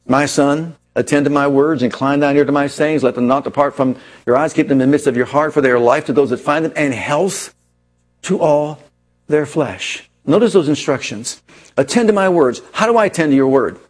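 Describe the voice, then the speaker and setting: A man preaching a sermon, retelling a scripture story dramatically and asking rhetorical questions. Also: a little high. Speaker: pastor.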